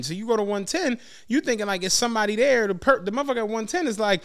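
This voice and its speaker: High-pitched man in relaxed chat. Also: very fast, hardly any pauses. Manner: relaxed, profane, acts out others' lines. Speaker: podcast co-host. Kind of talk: casual chat.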